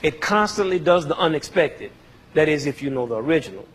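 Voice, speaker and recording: A man's voice: on the high side, expressive, a little fast, breathy edge. A man teaching music to an audience in a playful, demonstrative way, joking and counting beats aloud. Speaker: music educator presenting to an audience. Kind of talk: playful lecture with spoken demonstrations. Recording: long reverb of a concert hall.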